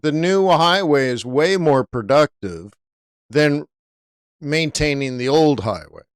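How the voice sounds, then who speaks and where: A middle-aged man tells a story casually during a livestream, loose and meandering, tossing in fillers as he goes. His voice is smooth and clear, recorded dry and close with no room sound. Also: a little high, lively intonation, slow, dry recording. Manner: laid-back and rambling, with "dude" and "right?" fillers. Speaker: forex trading livestream host.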